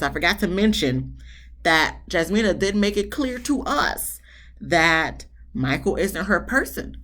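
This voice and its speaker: A woman's voice: deep voice, a bit bright. A woman reviewing a reality TV episode in casual, blunt, sassy commentary with slang and exasperated rants.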